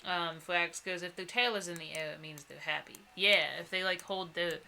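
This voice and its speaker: A woman's voice: lowish voice, normal speed, vocal fry, pushed and bright, slight background noise. A woman co-hosting a casual gaming stream, reading viewer comments aloud and swearing casually. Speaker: co-host reading chat. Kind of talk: casual chat while gaming.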